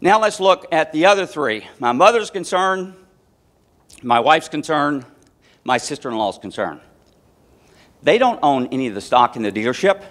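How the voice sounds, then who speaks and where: A man gives a conference presentation, walking through a family anecdote and then laying out his points one by one. His voice sits a bit high for a man, with an explanatory storytelling manner. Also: big pitch swings, moderate pace, pauses often, a bit bright. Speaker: conference speaker.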